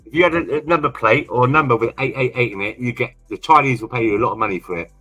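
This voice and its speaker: A man's voice: medium pitch, rapid-fire, bright, forceful tone, slightly rough. A man from England, co-hosting a livestream in rambling, casual chat and repeating himself often. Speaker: livestream co-host.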